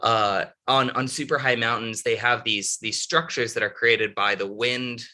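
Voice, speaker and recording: Bright-voiced man telling a travel story. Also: medium pitch, steady tone, a little slow. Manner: rambling, many restarts and fillers. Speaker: podcast guest, author. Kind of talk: casual storytelling interview.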